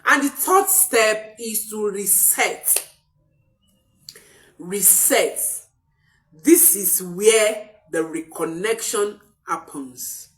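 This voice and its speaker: A woman's voice: mid-range voice, extremely slow, long pauses, a bit bright. A woman parenting coach giving an emphatic motivational talk, often repeating key phrases for stress.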